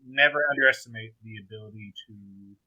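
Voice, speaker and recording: A man's voice: lowish voice, brisk, no room sound, muffled recording. A man co-hosting a podcast in casual chat, rambling and hesitating with many ums. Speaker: podcast co-host.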